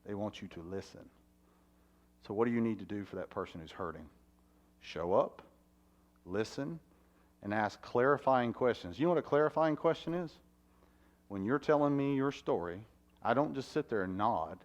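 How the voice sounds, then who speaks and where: A fire chief speaking to a conference audience, animated and asking the room questions. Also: male voice, fairly low pitch, moderate pace, pauses often. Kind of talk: conference talk. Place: conference hall.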